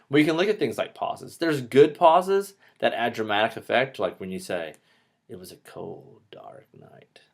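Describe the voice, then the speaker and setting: A man teaching public speaking in a recorded online lecture, talking a little fast and dropping joking asides. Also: mid-range voice.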